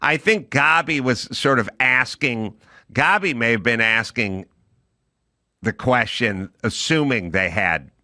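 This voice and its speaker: A man's voice: medium pitch, expressive, takes it slowly, bright, forceful tone, no room sound, studio quality. A middle-aged man co-hosting a podcast, telling stories in an emphatic, ranting way. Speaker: podcast co-host. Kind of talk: casual chat.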